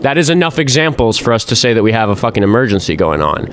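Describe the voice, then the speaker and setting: A man runs a live call-in debate stream on politics, talking casually and sarcastically with lots of fillers and restarts. His voice is mid-range, very animated, and quick.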